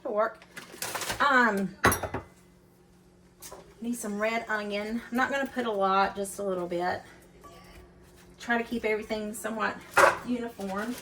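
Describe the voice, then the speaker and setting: A woman's voice: mid-range voice, steady tone, measured pace, long pauses, fairly bright tone. A woman hosting a casual cooking demonstration in her home kitchen, chatty and folksy, talking straight to her viewers. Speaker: cooking channel host. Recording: kitchen clatter of dishes and utensils.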